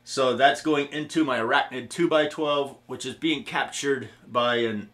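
A man's voice: medium pitch, a little slow, fairly bright tone. A man hosting a guitar pedal demo vlog, talking in a profane, rambling, jokey way. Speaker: gear demo host. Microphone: guitar-cab recording setup, camera mic.

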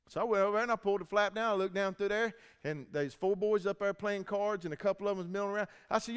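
High-voiced preacher in an echoey hall. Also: male voice, quick pace, smooth. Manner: animated storytelling, acts out dialogue. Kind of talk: sermon testimony. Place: church.

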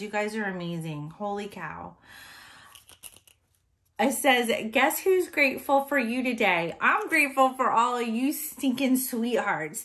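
A woman hosting a doll-collecting vlog, opening a gift box, gushing and emotional, close to tears, with sighs and soft laughs between words. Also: on the high side. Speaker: reborn doll channel host.

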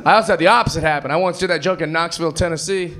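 A man performing stand-up comedy on a club stage, telling stories with animated, mocking voices and a self-assured delivery. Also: fairly high pitch, very fast. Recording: loud crowd noise, club ambience.

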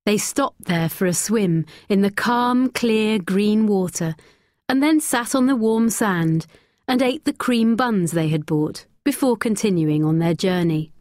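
A woman narrating a graded-reader story slowly, clearly and expressively. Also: medium pitch, expressive, darkish tone, dry recording, studio quality.

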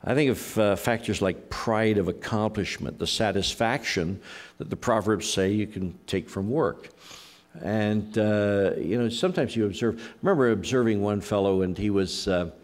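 With a lowish voice, a middle-aged man preaches like a pastor in a conversational style. His anecdotes come out in a halting way, broken by frequent pauses.

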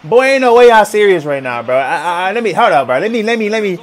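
A man reacting live to a football game, excitable, exclaiming and repeating himself. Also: high-pitched, fast talker. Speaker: sports reaction streamer.

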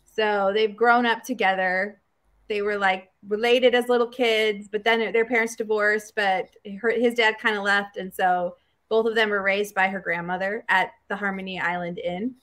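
A woman's voice: mid-range voice, normal speed. A woman co-hosting a writing livestream, chatting casually and retelling stories. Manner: chatty, storytelling, animated retelling. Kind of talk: casual chat.

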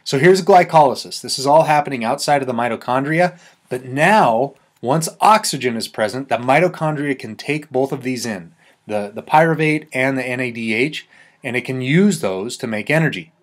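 A male biology teacher walks through a diagram step by step, talking loosely and conversationally. He points things out as he goes and reaches for everyday comparisons to make an idea stick. His voice sits at an ordinary middle pitch. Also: lively intonation, normal speed. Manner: casual and conversational, with fillers and restarts, using everyday comparisons. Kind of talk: explaining a lesson over a diagram.

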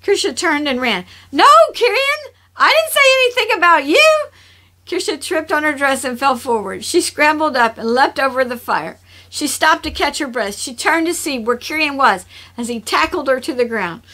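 A woman reads her own story with a steady, expressive narration. Her voice is high and very bright. She carries the scenes along evenly. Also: moderate pace. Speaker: author and storyteller. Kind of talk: reading her own fiction aloud.

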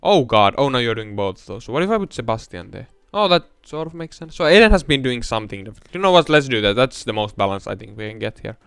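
A young man giving casual let's-play commentary, rambling between mumbled asides and loud excited outbursts. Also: medium pitch, fast talker, few pauses, clean tone, dry recording.

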